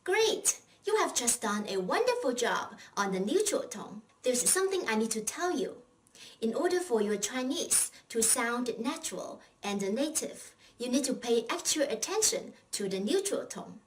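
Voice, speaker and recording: A woman's voice: fairly high pitch, sing-song, moderate pace, recorded from a distance, slight background noise, rough recording. A woman teaching a recorded language lesson, patiently explaining and leading repeat-after-me drills.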